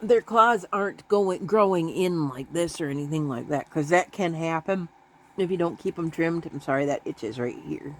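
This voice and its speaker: A woman's voice: moderate pace, slight background noise. Woman vlogger, rambling casual chat, laughs a lot, coos at pets. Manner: rambling, talks to her pets in a high baby voice; laughs often.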